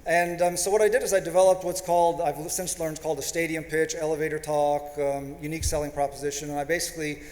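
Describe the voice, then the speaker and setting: A man's voice: a little high, little pitch movement, fast, few pauses, darkish tone. A man in his fifties, a panelist telling an anecdote with self-deprecating humor and acting out quoted dialogue. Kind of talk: storytelling talk on a panel. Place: lecture hall. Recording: echoey hall with long reverb.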